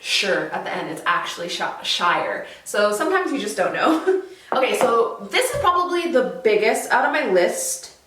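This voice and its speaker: A woman's voice: a little high, moderate pace, far from the mic, slight background noise. Chatty woman vlogger in a roomy space. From Canada. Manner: chatty, laughs often, animated. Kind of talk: casual chat to camera. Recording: roomy echo, slightly off mic.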